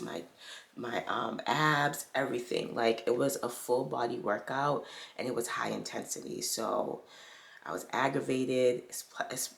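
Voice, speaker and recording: A woman's voice: extremely low pitch, vocal fry, breathy edge. A woman vlogger, chatting casually, out of breath and exasperated. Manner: exclaiming, exasperated. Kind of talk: casual vlog chat.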